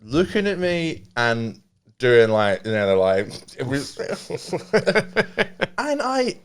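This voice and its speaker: Man, twenties, podcast co-host; animated, rambling, swears a lot, wears his feelings openly. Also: medium pitch, takes it slowly, clear, resonant tone. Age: 20s. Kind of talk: casual comedic storytelling.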